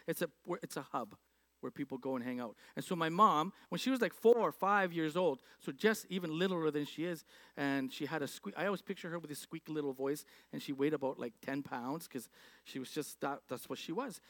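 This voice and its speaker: A man's voice: on the high side, fairly bright tone, dry recording. A man preaching a sermon to a church, telling personal stories in a conversational, humorous way. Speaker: youth ministry pastor.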